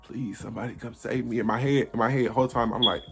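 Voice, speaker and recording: A man's voice: mid-range voice, fairly even intonation, quick pace, creaky, music in the background. An eighteen-year-old man casually telling a story to camera, blunt and profane, acting out what people said. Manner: blunt, profane, acts out quoted dialogue. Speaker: vlogger.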